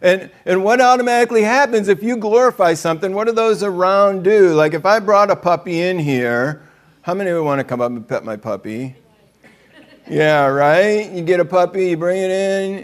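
Guy giving a chatty sermon, cracks jokes, kinda higher voice. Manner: joking, chatty, acts out quotes. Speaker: preacher. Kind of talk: conversational sermon.

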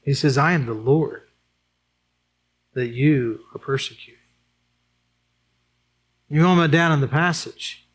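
A man preaching a sermon as pastor, emphatic, asking the congregation questions and swinging between urgent peaks and quiet asides. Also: slow pace, pauses often, slightly rough. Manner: emphatic, rising to high urgent peaks then dropping low and quiet; addresses the congregation with rhetorical questions.

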